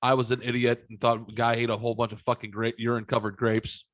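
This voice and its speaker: A man's voice: medium pitch, flat delivery, fast, a bit bright, dull audio. A man hosting a podcast, chatting casually with crude, joking banter. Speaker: podcast host. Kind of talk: casual chat.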